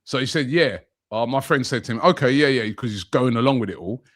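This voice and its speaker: A man's voice: mid-range voice, a little fast. A man, a podcast co-host telling a funny fan story in casual chat, putting on voices for the people he quotes. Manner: animated storyteller, puts on voices for quoted fans.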